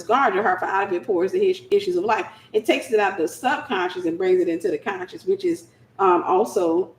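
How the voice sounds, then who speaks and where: A woman giving a lively, conversational Christian teaching, slipping into acted-out scenes. Her mid-pitched voice rings around a roomy, echoing space. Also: a little hiss or hum. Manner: animated, conversational, acts out scenes. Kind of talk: preaching-style teaching. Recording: roomy echo.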